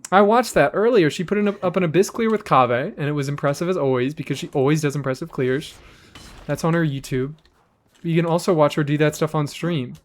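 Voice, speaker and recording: Animated man streaming a game. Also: a little high, fairly quick. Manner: animated, rambling, swears freely, reads chat aloud. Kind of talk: casual live-stream chat.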